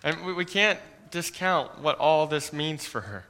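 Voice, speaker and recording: Male pastor, sermon, bright clear tone, earnest, soft hushed passages, repeats words. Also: a little high, expressive, unhurried, hardly any pauses. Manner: earnest, often drops to a soft hush; repeats words when starting phrases.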